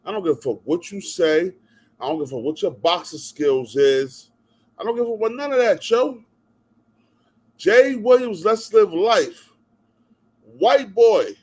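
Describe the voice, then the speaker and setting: A man's voice: a little high, expressive, normal speed, a little mellow, slightly rough. A man from New Jersey ranting to camera as a vlog commentator, heated and repetitive, cutting in with "yo" and "bruh". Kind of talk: profane rant to camera.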